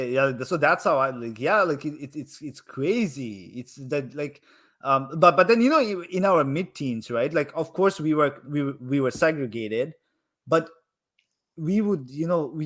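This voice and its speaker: A young man in his own voice, the guest on a live chat, telling stories animatedly and leaning heavily on "like" as a filler. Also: medium pitch. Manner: animated, heavy use of "like" fillers. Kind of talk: casual storytelling in a live chat.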